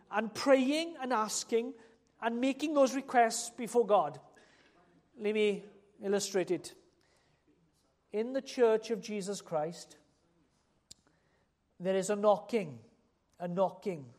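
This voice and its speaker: A preacher delivers a sermon in a mid-range voice. The delivery leans on repeated phrases and rhetorical questions aimed straight at the congregation. It swells into loud, emphatic appeals and then drops back to a quieter, conversational register. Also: mid-range voice. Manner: addresses listeners directly with rhetorical questions.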